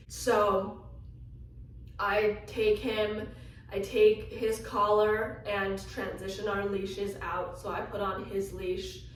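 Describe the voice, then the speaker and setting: A woman vlogger telling a personal story in an animated way, acting out the lines she quotes. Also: medium pitch, slight background noise. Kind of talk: storytelling vlog. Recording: echoey room from a distance, faint ambience.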